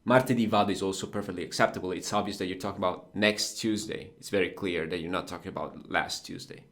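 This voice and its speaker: A man's voice: low voice, fairly even intonation, quick pace, a bit bright. A man with an Italian accent, a native Italian speaker teaching Italian on a casual podcast, explaining patiently with fillers and restarts. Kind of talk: casual language podcast lesson.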